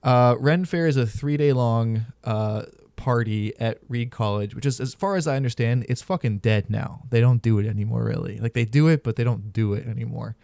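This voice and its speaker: A man's voice: medium pitch, moderate pace, vocal fry, hardly any pauses, darkish tone, no echo, studio quality. A man hosting a podcast, telling stories in casual, candid and profane chat. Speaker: podcast host.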